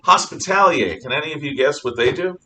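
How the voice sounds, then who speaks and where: A man's voice: animated, a little fast, sharp tone. A male history teacher lecturing a class in a casual, jokey storytelling way with asides. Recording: echoey room from far off, faint rumble.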